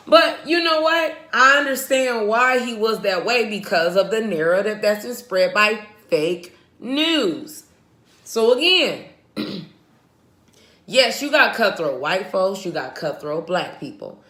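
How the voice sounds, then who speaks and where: An American woman vlogger giving blunt, profane, animated commentary to her viewers. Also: medium pitch, slow. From United States. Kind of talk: ranting commentary. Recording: echoey room.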